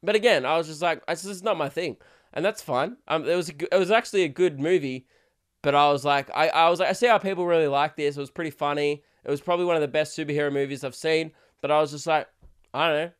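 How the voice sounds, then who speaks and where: A man's voice: a little high, fast, clean tone. Crude rambling podcast man. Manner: crude, rambling, laughs a lot. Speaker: podcast host. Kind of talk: casual solo podcast rant.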